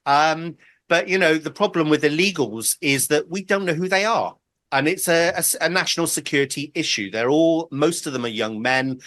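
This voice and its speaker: A man's voice: a little high, normal speed, fairly bright tone. A man speaking as a panel guest, blunt and opinionated, with many ums. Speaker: panel guest, fellow show host. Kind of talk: panel news debate.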